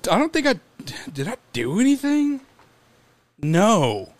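A man's voice: high-pitched, wildly swooping pitch, a little slow, no room sound. A man co-hosting a podcast, dry and teasing, with some swearing. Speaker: podcast co-host. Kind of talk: casual podcast chat.

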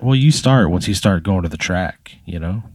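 Man, very low voice, comic storyteller, drawn-out delivery, swears a lot, dry close mic. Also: expressive, slightly rough, no room sound. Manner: drawn-out, swears freely, laughs while telling. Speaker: podcast co-host. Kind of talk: comedic storytelling.

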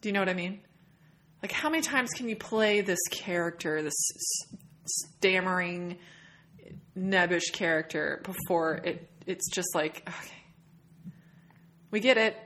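A woman's voice: fairly low pitch, unhurried, fairly bright tone. A woman with a mid-range voice co-hosts a casual film chat. She sounds opinionated and exasperated, and now and then her words trail off into a near whisper. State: married. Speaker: podcast co-host.

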